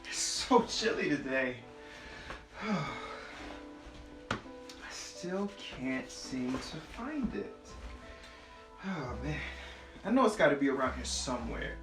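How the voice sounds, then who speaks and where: A man hosting a children's art show, friendly and expressive as he tells a story. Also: mid-range voice, slow pace, pauses often. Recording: echoey room with music.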